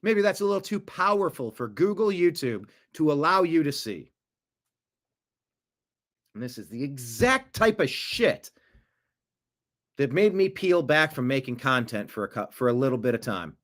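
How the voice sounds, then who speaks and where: A man's voice: a little high, big pitch swings, moderate pace, pauses often, fairly bright tone. A man giving solo political commentary, reading a transcript aloud in an indignant, emphatic way.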